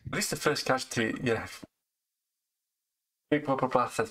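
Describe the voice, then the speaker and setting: A man's voice: medium pitch, moderate pace, fairly bright tone, rough recording. A man running a tabletop game over voice chat, narrating rolls and turns in a matter-of-fact way. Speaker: game master.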